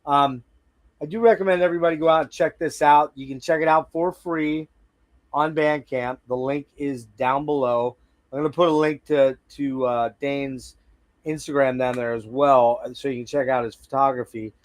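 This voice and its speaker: A man's voice: mid-range voice, steady tone, moderate pace. Rambling American man hosting a casual chat. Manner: rambling, loose, lots of fillers and restarts. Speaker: podcast host. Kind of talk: casual conversational interview.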